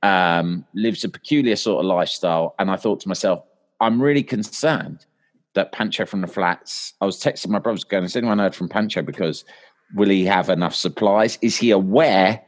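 A man, a podcast guest telling long, animated stories and putting on voices for his friends in quotes. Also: sits low, moderate pace. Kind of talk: casual storytelling.

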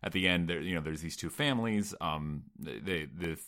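A man co-hosts a casual film review conversation, speaking loosely with frequent fillers and hedges. His voice is very deep. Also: normal speed. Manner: relaxed, filler-heavy, hedging. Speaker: podcast co-host.

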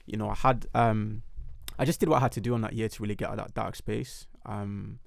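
A young man telling his story in a casual podcast chat, animated and emphatic. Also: lowish voice, a little fast, gravelly, dry recording, studio quality. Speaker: podcast guest.

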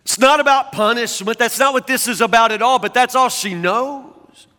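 A man's voice: very high-pitched, moderate pace, pushed and bright, in a large hall. A man preaching a sermon as a pastor, talking conversationally and often stammering into restarts.

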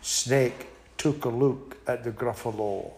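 A man's voice: medium pitch, fairly even intonation, slight background noise. An older man with a Scottish accent reading a bedtime story aloud to his grandchildren. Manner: very slow, warm lilting storytelling.

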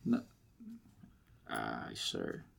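A man's voice: extremely slow, fairly bright tone. A man co-hosting a casual podcast who talks bluntly, swears freely and teases his co-host. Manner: blunt, profane, teasing.

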